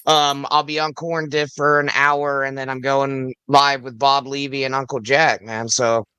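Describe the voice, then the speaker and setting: A man's voice: medium pitch, flat delivery, moderate pace, sharp tone, clear, resonant tone, dry recording, dull audio. A man joining a live show as a guest, chatting in a laid-back way and swearing freely. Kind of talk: casual chat.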